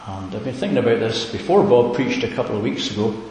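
A man's voice: mid-range voice, lively intonation, fast talker, darkish tone. A man preaching a sermon earnestly, building to emphatic repeated questions. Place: church hall. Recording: echoey hall with faint hiss.

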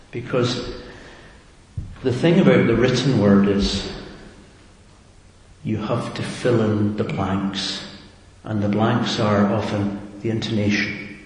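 A man with a fairly low voice preaches a reflective sermon and keeps asking his listeners questions. His voice rings out in a big hall with long reverb and a faint hiss underneath. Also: darkish tone.

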